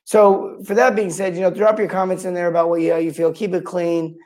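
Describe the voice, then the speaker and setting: A man's voice: high voice, flat delivery, a little fast, darkish tone. A man hosting his own show, telling a rambling, worked-up story in casual monologue with many restarts. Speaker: podcast host. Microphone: own mic and camera.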